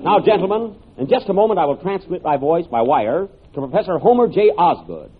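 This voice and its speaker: A man's voice: fairly high pitch, very animated, fairly quick, noisy background, voice pushed down. A man playing a pompous inventor whose public demonstration keeps going wrong, talking in an exasperated, oratorical way in 1930s radio comedy style. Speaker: comedy show host. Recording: tinny 1930s radio broadcast, live audience.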